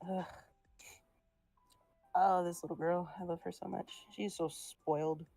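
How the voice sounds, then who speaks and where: A woman's voice: fairly low pitch, level tone, unhurried, vocal fry, warm tone, no room sound, soft background music. A young woman chatting casually during a drawing stream, talking to her cat in a sing-song voice and a little short of breath as she recovers. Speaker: artist streaming a drawing session. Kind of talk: casual chat.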